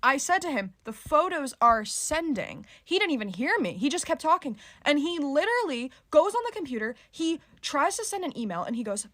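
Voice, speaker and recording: A woman's voice: high voice, animated, brisk, few pauses, a bit bright, dry recording. A woman in her twenties telling a story in a casual, exasperated, venting way. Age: 20s. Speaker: college student storyteller.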